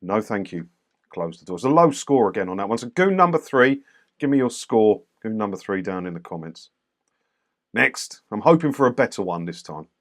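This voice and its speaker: A man's voice: on the low side, animated, brisk. A man giving casual, wry commentary on video clips, dismissive of unnecessary arguing. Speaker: commentator reviewing doorstep clips.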